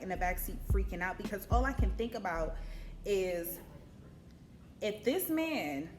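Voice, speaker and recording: Young woman telling a storytime, light music. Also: mid-range voice. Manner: animated, swearing, acts out her own panicked quotes. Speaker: vlogger. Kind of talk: casual storytime.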